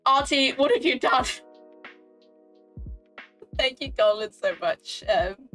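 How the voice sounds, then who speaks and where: A woman's voice: high-pitched, expressive, takes it slowly, a bit bright, soft background music. A woman streamer chatting casually with her viewers while she plays, often giggling and flustered. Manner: giggly, flustered, talks to chat. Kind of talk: casual live-stream chat while gaming.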